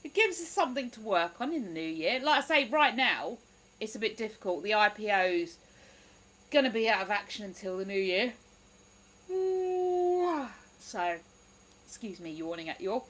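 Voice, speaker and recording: A livestream host chats casually and reads viewer comments aloud, exclaiming often and saying "ooh" a lot. Her medium-pitched voice is expressive and fairly bright, at normal speed, though the recording is rough.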